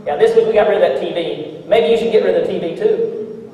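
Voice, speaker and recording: A man's voice: high-pitched, fast, dull audio, close to an everyday voice. A man acting out a stern, hypocritical father who is also a preacher, barking at his family and gushing in church. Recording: echoey hall, from a distance.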